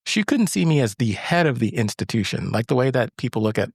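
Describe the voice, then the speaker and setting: A man's voice: medium pitch, very animated, fast talker, gravelly, darkish tone, breathy edge, no room sound, clean studio sound. A young adult man, an actor and co-host, telling a story in a casual chat and often repeating words as he starts. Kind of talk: casual conversation.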